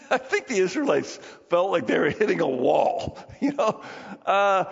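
A male pastor preaching a lively sermon, acting out voices and laughing often. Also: sits high, gravelly. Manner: animated, acts out crowd voices, laughs often. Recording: dull sound in a reverberant hall.

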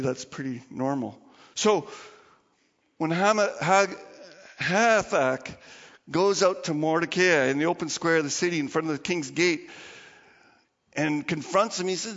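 A man, a pastor, preaching a sermon with animated storytelling and acted-out voices. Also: on the high side, long reverb tail, lo-fi sound. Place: church.

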